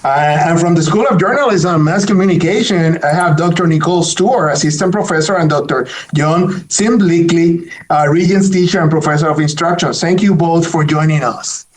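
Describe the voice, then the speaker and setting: A man's voice: fairly high pitch, brisk, few pauses. A man with a Puerto Rican Spanish accent hosting a panel discussion, upbeat and friendly, with many fillers. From Puerto Rico. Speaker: podcast host.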